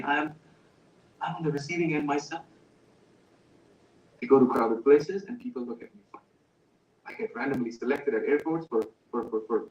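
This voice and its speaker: A man's voice: medium pitch, a little mellow, close to an everyday voice. An actor playing an ordinary man under interrogation who pleads and stammers to defend himself. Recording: roomy echo, distant mic.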